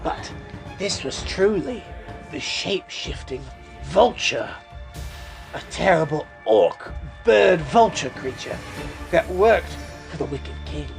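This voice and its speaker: Slow, gravelly-voiced woman narrator. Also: deep voice, animated, faint music behind. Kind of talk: storybook narration.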